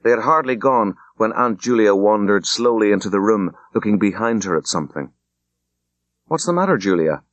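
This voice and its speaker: A man reading a classic story aloud as an audiobook, in an unhurried, measured narration. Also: lowish voice, no room sound, dull audio. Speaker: audiobook reader. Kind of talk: scripted narration.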